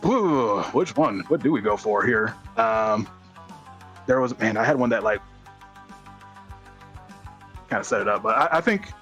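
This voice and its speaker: A man narrating as game master in a tabletop game, rambling with many fillers and breaking into high voices for characters. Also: expressive, normal speed, fairly bright tone, soft background music.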